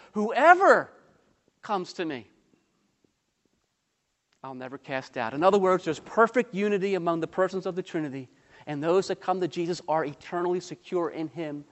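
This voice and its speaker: High-voiced pastor preaching in an echoing hall. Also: male voice. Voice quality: emphatic, asks the congregation rhetorical questions. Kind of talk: sermon.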